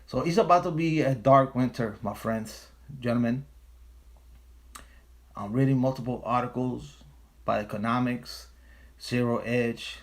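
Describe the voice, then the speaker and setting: A man hosting a casual livestream, talking in an emphatic, profane way and repeating his phrases for stress. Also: mid-range voice. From United States. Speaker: livestream host.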